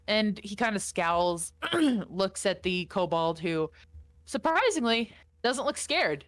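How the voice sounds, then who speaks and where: A woman's voice: mid-range voice, big pitch swings, slow. A woman narrating as game master, casual and swearing a lot. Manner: casual, swearing, voices the figures. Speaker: dungeon master.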